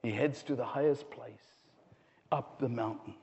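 A man preaching a sermon, swinging from hushed low asides to raised, impassioned passages. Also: moderate pace, gravelly. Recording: dull sound with long hall reverb.

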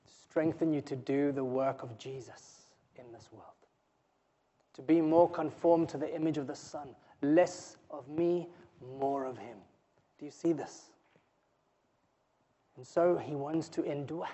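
A male pastor preaches a sermon in church, earnest and pleading. His voice often sinks low and soft before climbing again.

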